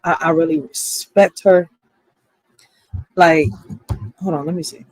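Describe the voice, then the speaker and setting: A woman's voice: deep voice, fairly even intonation, takes it slowly, darkish tone, dry recording, rough recording. A woman in her thirties chatting casually on a live stream, candid and rambling, often swearing and asking "right?". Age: 30s.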